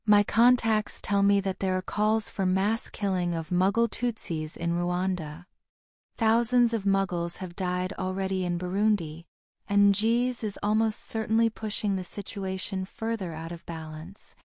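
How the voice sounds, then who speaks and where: A woman voicing a congenial but grave old male headmaster wizard, speaking in a courteous, measured way in an audiobook reading. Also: medium pitch, mellow, no echo, studio quality, lightly acted. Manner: courteous, turning cold.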